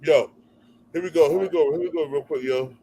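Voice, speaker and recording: A man's voice: fairly high pitch, a little fast, mellow, slight background noise. A man on the panel who cuts in with short, casual remarks. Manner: brief casual interjections.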